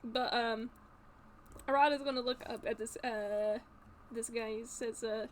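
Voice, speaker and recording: Woman player, higher voice, slow and hesitant, giggly, tabletop game, light background noise. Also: steady tone. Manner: hesitant, giggly, full of fillers.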